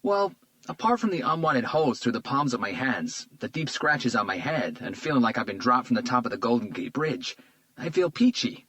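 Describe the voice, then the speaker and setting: A man's voice: mid-range voice, sing-song, moderate pace, bright, forceful tone, no room sound, pitched above the performer's own voice. A man voicing a frail, wry injured detective. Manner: wry and joking. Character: wounded male detective in hospital, wry.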